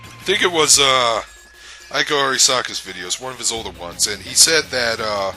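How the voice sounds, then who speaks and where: A man rambles through a casual review rant, restarting his sentences and swearing bluntly. His voice is very bright and forceful, sitting mid-range in pitch, and his intonation rises and falls in an animated way. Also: normal speed, soft background music, poor audio. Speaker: anime reviewer.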